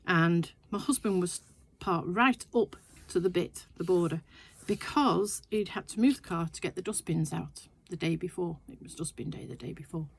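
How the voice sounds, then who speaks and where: Older lady rambling through a story, gravelly voice, chatty and full of asides. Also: on the low side, normal speed, few pauses. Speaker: sewing vlogger. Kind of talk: casual storytelling chat. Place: her sewing shed, indoors.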